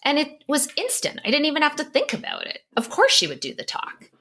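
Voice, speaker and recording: Bright-voiced woman telling a candid story. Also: high voice, fairly quick. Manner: candid, emotional, animated storytelling. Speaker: psychologist and author guest. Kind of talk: personal storytelling in a podcast interview.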